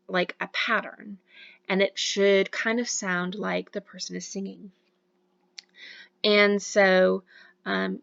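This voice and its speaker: A woman's voice: medium pitch, gravelly, muffled recording. A woman giving a recorded university lecture on voice and diction, explaining with frequent fillers.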